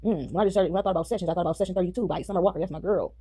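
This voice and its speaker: A woman's voice: lowish voice, very fast, mellow, slightly rough, dry recording. A woman vlogging casually while eating, chatting with her viewers and breaking into bits of song. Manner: chatty, addresses viewers as y'all, sings snippets. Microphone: phone.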